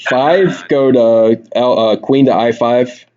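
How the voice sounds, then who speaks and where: A man's voice: medium pitch, slow, darkish tone, highs cut off. A man hosting a casual online chess chat, talking hesitantly with many fillers. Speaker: host interviewing players.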